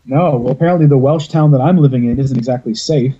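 A man chats on a podcast over a video call, drifting through long stories with plenty of casual swearing. His voice is very dark and a little husky. The call audio sounds dull and lo-fi. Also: mid-range voice, fast talker. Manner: rambling storyteller, swears freely. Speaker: podcast host.

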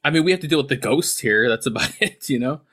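A man's voice: medium pitch, expressive, quick pace, pushed and bright. Guy hosting a chill podcast, lots of ums and uhs, laughs a bunch. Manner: rambling, filler-heavy, laughs a lot. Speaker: podcast host. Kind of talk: casual podcast chat.

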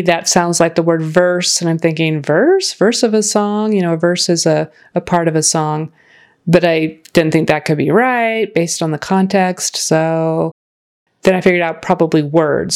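Lady tutor, lowish voice, slow and patient, says phrases over and over. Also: a little mellow. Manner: patient, explains slowly, models phrases aloud. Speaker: accent and grammar coach. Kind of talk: reviewing a student's recording.

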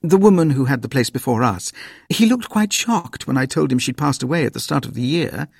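A man's voice: mid-range voice, lively intonation, fairly quick, gravelly, breathy edge, dry recording, studio quality, voice pushed up. A man voicing an earnest, slightly nervous young mother in a storybook reading. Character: anxious practical young mother.

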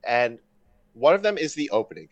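A man in casual podcast chat, excitable and rambling, swearing often with lots of fillers. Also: medium pitch, brisk, muffled recording.

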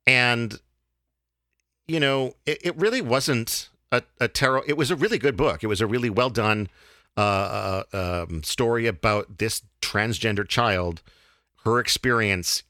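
A man hosting a casual podcast, talking in a halting way with many fillers and restarts. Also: mid-range voice, bright, forceful tone, no room sound, clean studio sound. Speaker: podcast host.

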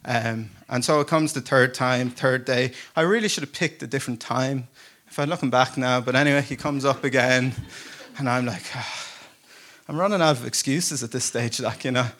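A male pastor preaching to his congregation with a relaxed, chatty delivery. He tells stories like a friend would, pokes fun at himself and often breaks into a laugh. His voice sits at an ordinary middle pitch for a man. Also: normal speed. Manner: casual storytelling, self-deprecating humor, laughs often. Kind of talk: conversational sermon. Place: church service before a congregation.

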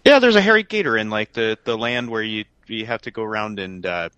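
A male podcast co-host in casual comedic chat, riffing crudely and excitably. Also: on the low side, fairly quick, clear, resonant tone, no room sound, highs cut off.

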